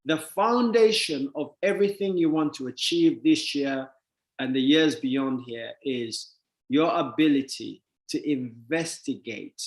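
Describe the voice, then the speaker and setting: A man giving a motivational talk to an audience, emphatic and repetitive, swinging between loud and soft. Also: mid-range voice. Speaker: motivational speaker. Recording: echoey room.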